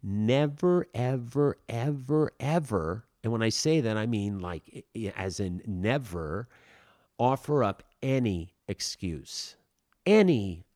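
A man's voice: fairly low pitch, sing-song, unhurried, darkish tone, no echo. Blunt, dry-voiced man giving advice. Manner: blunt, emphatic, wry, with swearing. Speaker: podcast host giving acting advice. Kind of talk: casual advice monologue.

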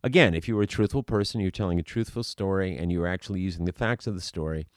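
A man speaking as an acting coach in an animated teaching monologue, asking rhetorical questions and acting out examples. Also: sits low, fast talker, no echo, studio quality.

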